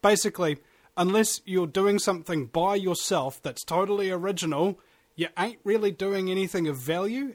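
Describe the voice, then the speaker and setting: A man, a podcast guest who talks in an animated, rambling way. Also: a little high. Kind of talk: casual chat.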